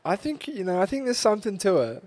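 Blunt young Aussie bloke, teasing. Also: male voice, sits high, big pitch swings, quick pace, a little mellow, dry recording. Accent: Australian. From Australia. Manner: blunt, swears freely, teasing. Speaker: podcast co-host. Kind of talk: casual chat.

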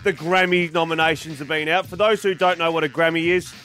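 A man co-hosting a radio show in a high, bright voice. He talks in a playful, hammy way, hamming up a news report. Loose joking studio banter. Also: steady tone, quick pace, soft background music. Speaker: radio co-host.

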